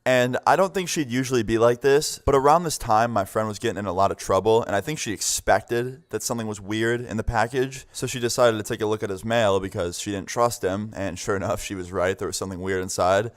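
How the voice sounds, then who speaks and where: A man's voice: lowish voice, brisk, hardly any pauses. A young man casually telling a story to his viewers, rambling with many fillers and acting out the people in it. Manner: rambling, many "like" fillers, acts out quoted voices. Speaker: vlogger telling a story time.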